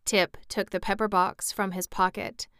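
Woman narrator for a storybook read-aloud: bright, very clear, dry close sound. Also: mid-range voice, flat delivery, normal speed, no echo. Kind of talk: storybook reading.

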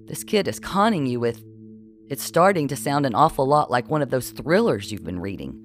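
A man's voice: mid-range voice, very animated, moderate pace, lightly acted. Dee, a man voicing a sarcastic scolding woman. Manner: sarcastic, forceful, bossy. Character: blunt, scolding middle-aged woman friend. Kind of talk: audiobook character voice.

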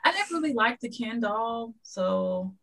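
A woman's voice: a little high, unhurried, creaky, rough recording. A woman guest in a casual podcast chat, telling stories and acting out dialogue. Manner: lively storyteller who acts out dialogue.

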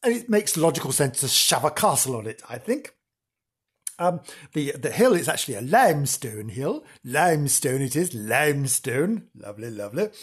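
Camp male podcast host, giggly, sing-song delivery, slightly breathy. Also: fairly high pitch. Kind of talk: playful podcast narration.

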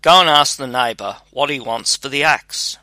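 A man voicing a clever, patient young scholar talking to his father in a read-aloud fairy tale, calm and reassuring. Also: mid-range voice, moderate pace, no echo.

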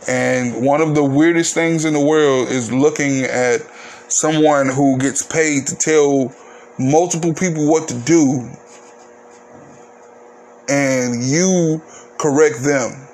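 A man's voice: medium pitch, steady tone, slow, a little mellow, a little hiss or hum. Candid, ranting male podcast host. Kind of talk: casual solo podcast monologue.

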